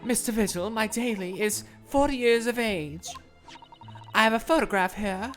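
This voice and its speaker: A woman with a fairly high, natural-sounding voice reads game dialogue aloud at normal speed over faint background music. She plays a middle-aged, anxious, genteel Victorian wife, prim, fretful and overly formal, in a put-on accent halfway between Southern belle and British.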